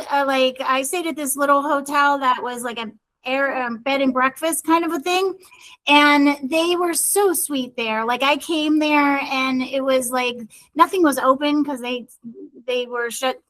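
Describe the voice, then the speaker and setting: A woman's voice: sits high, a bit bright, low-quality recording. A middle-aged woman co-hosting a podcast, rambling cheerfully through a personal story in casual chat. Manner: chatty, rambling storyteller, often addresses her brother. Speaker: podcast co-host.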